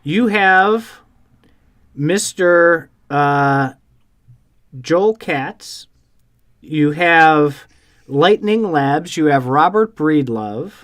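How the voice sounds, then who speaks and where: A man co-hosting a podcast talks in a lively, storytelling way, swearing as he goes. His voice sits a bit high for a man. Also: extremely slow, pauses often. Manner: animated storyteller, swears freely. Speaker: podcast co-host. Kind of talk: casual chat.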